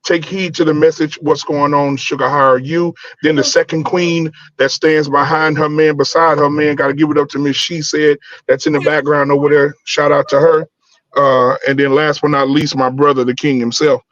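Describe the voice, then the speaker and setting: A man's voice: fairly high pitch, little pitch movement, moderate pace, a bit bright, highs cut off. A man joining a live stream as a guest, chatting in a friendly way with lots of fillers. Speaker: fellow YouTuber calling in. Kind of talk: casual greeting and chat.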